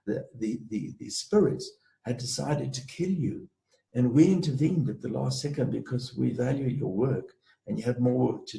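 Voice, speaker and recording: A man telling a personal story as a guest in an interview, in a measured storytelling way. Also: mid-range voice, vocal fry, warm tone, roomy sound, low-quality recording. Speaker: guest, space clearer and healer.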